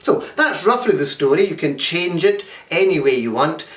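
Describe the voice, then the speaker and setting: Animated man teaching storytelling. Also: fairly high pitch, normal speed. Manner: animated, checks in with "okay?". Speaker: workshop teacher. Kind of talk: storytelling lesson. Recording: roomy, distant mic.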